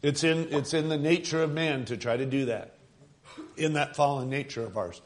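A man preaching a sermon, retelling a story with dramatic slowing and rising for emphasis. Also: fairly high pitch.

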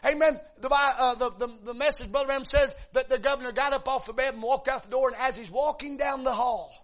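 A man preaching a sermon, moving between relaxed storytelling and shouted, drawn-out exhortation, dropping in frequent amens. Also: very high-pitched.

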